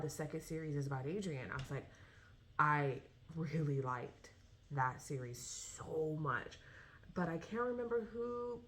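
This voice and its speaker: A woman in her thirties talks casually with a low-pitched voice. She rambles, stops and restarts, and fills her pauses with um and like. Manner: rambling, with many fillers and restarts. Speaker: vlogger talking about books. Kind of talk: casual chat.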